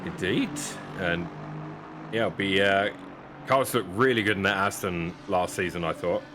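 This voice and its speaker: Male sim race commentator, very deep voice, steady play-by-play, noisy stream sound. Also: normal speed.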